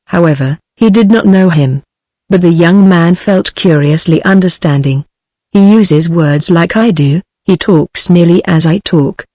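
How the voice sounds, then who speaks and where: A woman's voice: on the low side, no echo. Dry synthetic British woman reading a story. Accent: British English. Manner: even, unvaried delivery that reads punctuation aloud. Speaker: narrator. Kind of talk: text-to-speech book reading.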